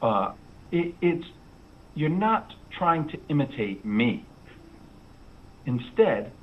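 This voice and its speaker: A man giving advice on spoken English in a deliberate, emphatic way, repeating words for stress. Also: on the high side, very animated, lo-fi sound, slight background noise. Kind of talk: unhurried advice talk.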